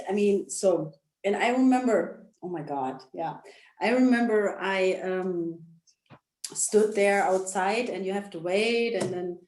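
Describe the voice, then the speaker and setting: A woman telling a personal story in a casual interview, emotional and halting, with many restarts, over a video call. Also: mid-range voice, a little mellow, echoey room. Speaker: interview guest, actress.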